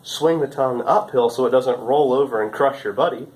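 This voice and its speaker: A young man from the Carolinas speaks in a brisk, mid-range voice on a low-quality recording. He casually and animatedly tells a story about being a farm intern, acting out shouts and gestures along the way.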